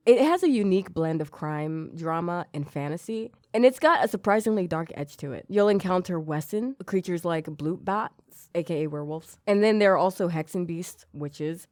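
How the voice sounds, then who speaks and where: Brief: woman podcast host, low voice, chatty and rambling, dry close sound. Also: a little mellow, dry recording. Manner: chatty, rambling, with restarts and giggles. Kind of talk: casual solo podcast recommendations.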